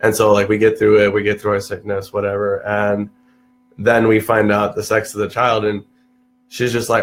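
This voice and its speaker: A young man, telling stories in casual chat, full of restarts and acted-out quotes. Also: brisk. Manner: animated, restarts often, acts out quotes in a higher voice. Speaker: podcast guest.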